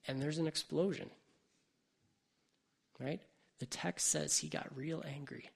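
Gravelly, husky conversational preacher man. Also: on the high side, fairly even intonation, measured pace. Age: adult parent. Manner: conversational, thinking aloud with frequent "like" and "right?". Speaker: pastor. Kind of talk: sermon.

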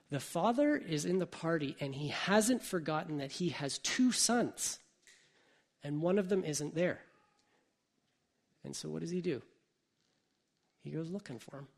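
Gravelly, husky conversational preacher man. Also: a little high. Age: adult parent. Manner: conversational, thinking aloud with frequent "like" and "right?". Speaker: pastor. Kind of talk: sermon.

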